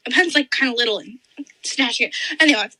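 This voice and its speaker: A teenage girl co-hosting a casual podcast, excitable and giggly as she jumps in with details. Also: a little high, fast, no room sound, poor audio. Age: teens. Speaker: podcast co-host. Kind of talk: casual chat.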